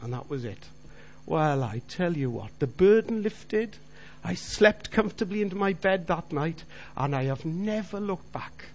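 Middle-aged man, slightly high voice, earnest testimony speaker addressing the congregation directly. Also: expressive, unhurried, a little mellow. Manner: earnest storytelling, direct appeals to listeners. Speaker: Christian businessman giving testimony. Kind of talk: personal faith testimony.

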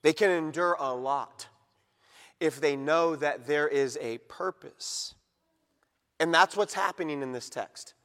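A man with a high voice delivers an emphatic sermon, moving from loud to quiet and stretching out key words. His voice rings with the long reverb of a large church sanctuary. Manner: emphatic preaching, swinging between loud and quiet, slowing for stress. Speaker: pastor.

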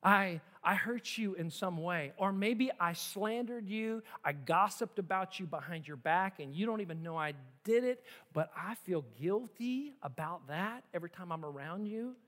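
A man with a strikingly high voice preaches a sermon, leaning on repeated phrases and rhetorical questions. His words ring out with a long, hall-like reverb, as from a large sanctuary. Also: animated, moderate pace, few pauses, fairly bright tone. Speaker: pastor.

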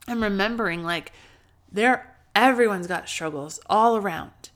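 A woman's voice: mid-range voice, measured pace, a bit bright. A woman in her thirties hosting a faith podcast, chatting casually with many fillers and restarts. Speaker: podcast host.

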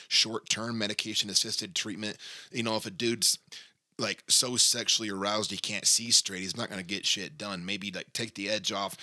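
A man's voice: lowish voice, sharp tone, no echo, studio quality. A man speaking as a counselor in a casual discussion, laid-back, slangy and jokey.

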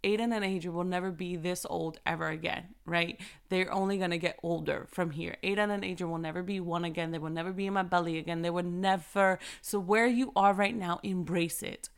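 A woman in her thirties, a mother telling an earnest, animated story about embracing moments with her kids and giving thanks. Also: on the low side, a little fast, gravelly, few pauses, smooth. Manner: animated, earnest, repeats phrases for emphasis. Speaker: mother sharing faith reflections. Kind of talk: casual inspirational storytelling.

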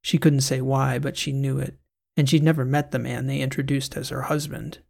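Male audiobook narrator, gravelly, measured scripted reading. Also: medium pitch, flat delivery, a little mellow.

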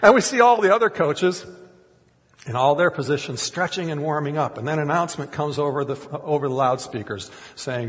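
A man's voice: fairly high pitch, brisk, in a large hall. A middle-aged man preaching a sermon as a pastor, telling stories animatedly and acting out the quotes. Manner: animated storytelling with acted-out quotes.

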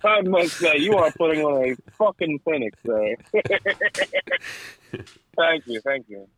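A man playing an overly polite male butler who flatters with mock-posh "sir" talk. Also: fairly high pitch, a little slow, heavily acted, rough recording. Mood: fawning.

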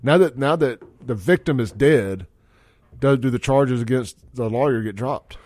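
A man's voice: mid-range voice, moderate pace, darkish tone, no echo. A man hosting a radio talk show, brash and joking as he reads out the text line and phone line.

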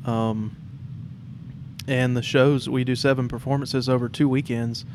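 A man's voice: mid-range voice, measured pace, a little hiss or hum. Easygoing man hosting a theatre chat. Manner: relaxed, rambling, many fillers and restarts. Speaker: podcast host. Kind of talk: casual interview chat.

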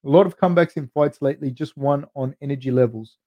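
This lo-fi, dry recording features an Australian man in his thirties with a fairly high voice, talking quickly as he hosts a podcast. He answers live chat questions casually, swearing often and saying "dude" a lot.

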